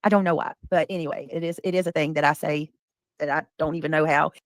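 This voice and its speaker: A woman host talks in a loose, slangy and profane way, with a lowish voice. She sounds close and dry, with no room around her. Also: fairly even intonation, quick pace, no echo. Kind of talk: casual commentary chat.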